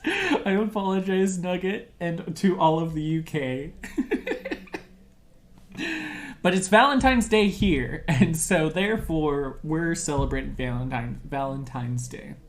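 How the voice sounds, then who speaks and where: A livestreamer chatting casually with viewers in a giggly, playful way. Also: mid-range voice. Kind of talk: casual live-stream chat.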